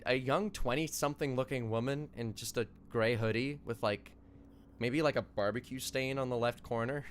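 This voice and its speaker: Animated young male dungeon master. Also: medium pitch, slight background noise. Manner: animated, laughing, halting with fillers. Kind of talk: narrating a tabletop game.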